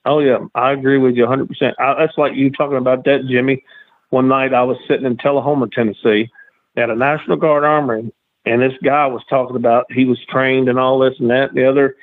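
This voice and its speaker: A man, a guest telling stories in a drawling, animated way. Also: mid-range voice, quick pace, no echo. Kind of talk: casual storytelling. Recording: tinny phone line, dry.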